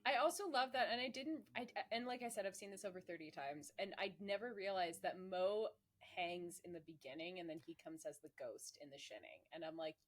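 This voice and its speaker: A woman co-hosting a casual podcast chat, animated and laughing, often restarting her sentences. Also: fairly low pitch, a little fast. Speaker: podcast co-host.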